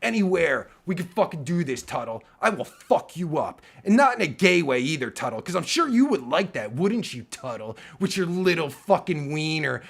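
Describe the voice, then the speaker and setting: A heated man on a livestream rant, swearing constantly and circling back on himself with fillers. His voice sits high and swings widely in pitch, with a gravelly, husky edge throughout. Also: very animated, normal speed, few pauses, fairly bright tone. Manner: profane, heated, ranting with many fillers. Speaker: streamer and podcaster.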